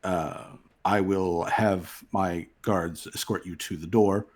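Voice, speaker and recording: A man voicing a courteous male city official in a tabletop game, speaking slowly and formally with filler pauses. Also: sits low, fairly even intonation, darkish tone, pitched below the performer's own voice. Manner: slow, formal, hesitant with fillers.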